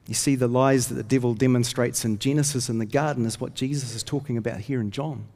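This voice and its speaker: A man's voice: mid-range voice, steady tone, quick pace, a little mellow. Aussie pastor guy preaching, earnest storyteller, big church reverb. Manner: earnest storytelling, rises when reading scripture. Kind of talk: sermon. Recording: long hall reverb.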